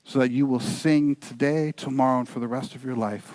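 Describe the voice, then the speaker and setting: A man's voice: medium pitch, fairly even intonation, fairly quick, hardly any pauses, no echo. A male pastor preaching a sermon, telling a story and urging his listeners earnestly. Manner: storytelling, building to earnest, quieter exhortation. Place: church.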